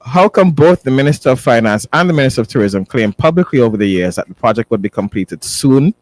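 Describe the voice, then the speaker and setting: A man's voice: medium pitch, animated, fast, a little mellow, no echo. A man hosting a morning talk radio show, reading listener questions aloud. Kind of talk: casual talk radio banter.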